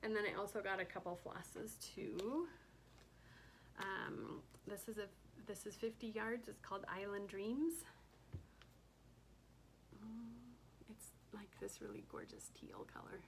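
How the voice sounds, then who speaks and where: Unhurried and pausing often, a cross stitch vlogger speaks in a medium pitch with fairly even intonation. She casually goes through her craft haul, gushing softly over each item and often lowering her voice to a near whisper. There's a little hiss or hum on the low-quality recording.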